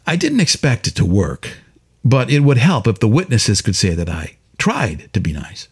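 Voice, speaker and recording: A man reading his own detective story aloud in a wry, deadpan first-person style. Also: lowish voice, moderate pace, slightly rough. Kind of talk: audiobook narration.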